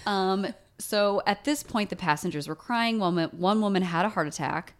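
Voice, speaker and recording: A woman's voice: mid-range voice, normal speed. A woman co-hosting a podcast, chatting casually and retelling a listener's story with plenty of fillers. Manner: chatty, reads listener emails aloud with lots of fillers. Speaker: podcast co-host.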